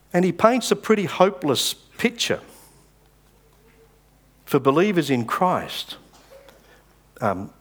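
A male pastor preaching a sermon, reading scripture with dramatic pauses and stressed words. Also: a little high.

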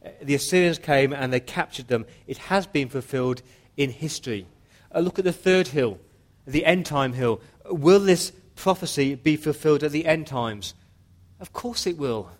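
A man's voice: a little high, animated, moderate pace. A man preaching a sermon as pastor, earnest and pleading with his listeners.

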